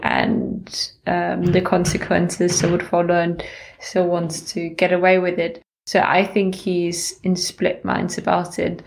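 A woman discussing a novel in a casual chat, thoughtful and measured. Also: fairly low pitch, expressive, gravelly, a little hiss or hum. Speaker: book club participant.

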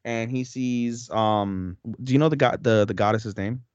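A man's voice: mid-range voice, unhurried, clear, resonant tone, no room sound, muffled recording. A man co-hosting a podcast, recapping a story in a rambling, slangy way with heavy swearing. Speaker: podcast co-host. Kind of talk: casual recap chat.

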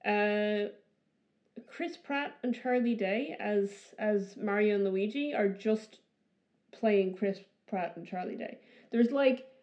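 A woman's voice: mid-range voice, slow pace, a little mellow, dull audio. A woman co-hosting a podcast, talking casually with many fillers and frequent laughter. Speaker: podcast co-host. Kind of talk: casual chat.

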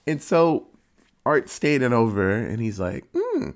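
Man, casual movie recap, profane, animated storytelling, sudden pitch jumps, middle pitch. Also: unhurried. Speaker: movie reviewer.

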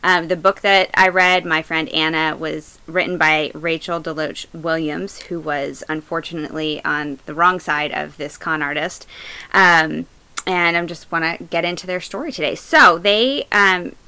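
A woman's voice: fairly low pitch, normal speed, sharp tone, clear, resonant tone, low-quality recording. A woman hosting a true-crime podcast, telling the story in a casual, chatty way with lots of fillers. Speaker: podcast host.

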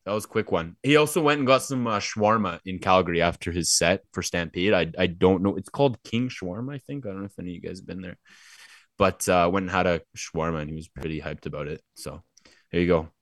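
Low-voiced young man, rambling casually. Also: quick pace, fairly bright tone, no room sound, clean studio sound. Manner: rambling, many fillers. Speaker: podcast co-host. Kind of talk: casual chat.

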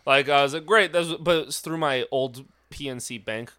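A man's voice: medium pitch, normal speed, bright, forceful tone, clear, resonant tone. A man hosts a casual podcast with a mid-range voice. He tells his stories in a loose, rambling way and swears freely. He also acts out both sides of the phone calls he describes. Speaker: podcast host.

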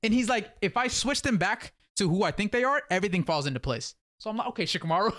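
A man hosting a podcast, recapping a story in lively slang and acting out quotes in a casual chat. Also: high voice, fast, few pauses. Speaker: podcast host.

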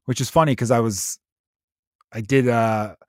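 A man hosting his own podcast, ranting in a profane, animated, conversational way. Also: medium pitch, unhurried, no room sound, studio quality. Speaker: podcast host, comedian. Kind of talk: solo podcast rant.

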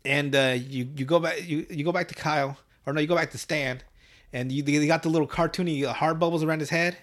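Profane, rambling, fairly high-voiced man. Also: fairly even intonation, fast, fairly bright tone. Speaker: podcast host. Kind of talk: casual episode recap.

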